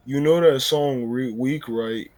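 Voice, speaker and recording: A man's voice: mid-range voice, slow pace, a little mellow, natural voice. Try-hard wannabe tough teen boy , guy imitating him, fake chill. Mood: posturing. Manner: fake laid-back, posturing.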